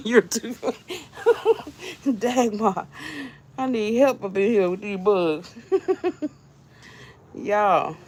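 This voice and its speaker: A woman's voice: medium pitch, steady tone, slow, pauses often, a little mellow. A woman vlogger talking casually to her viewers, chatty and jumpy, laughing often as she frets.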